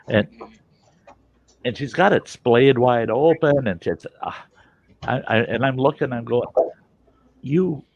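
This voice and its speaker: A man casually telling a story in a profane, animated way and acting out the people in it. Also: mid-range voice, husky, no room sound, muffled recording.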